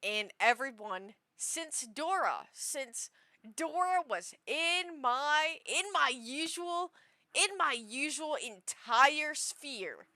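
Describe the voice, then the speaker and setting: A woman's voice: high-pitched, animated, takes it slowly, pushed and bright, no echo. A young woman chatting casually on a stream, rambling and self-deprecating with frequent giggles. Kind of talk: casual chat.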